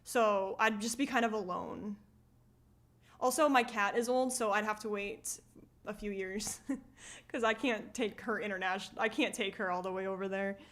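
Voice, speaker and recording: A woman's voice: medium pitch, fairly even intonation, moderate pace, fairly bright tone. A woman streaming live, chatting casually as she reacts to a video and reads viewer comments, often laughing and asking questions.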